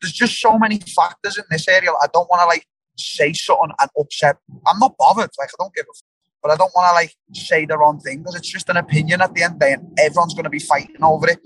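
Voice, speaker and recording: A man's voice: on the high side, fast talker, fairly bright tone, breathy edge, dry recording, rough recording. A young English man, a fighter, chatting bluntly in an interview, swearing freely and stumbling over repeated words. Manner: casual, blunt, swearing, lots of restarts and fillers. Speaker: fighter, guest. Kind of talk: casual interview chat.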